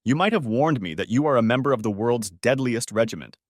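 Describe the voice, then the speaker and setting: A man's voice: medium pitch, lively intonation, a little fast, dry recording, clean studio sound, lightly acted. A man voicing a good-humored company boss who lightly chides an employee. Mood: chiding. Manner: light chiding.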